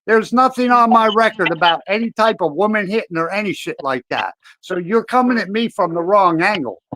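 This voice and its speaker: A man's voice: high-pitched, lively intonation, a little fast, sharp tone, no room sound, low-quality recording. A man speaking as a guest on a livestream, defiant, confrontational and swearing freely. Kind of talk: casual livestream chat.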